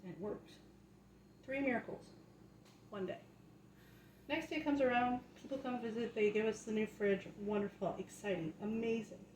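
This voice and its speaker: Speaking at a moderate pace with frequent pauses, a young woman with a fairly high, slightly mellow voice tells a faith story at home for her vlog. Her casual, chatty testimony builds into fervent preaching, dotted with "right?" An echoey room and faint background noise come through on the recording.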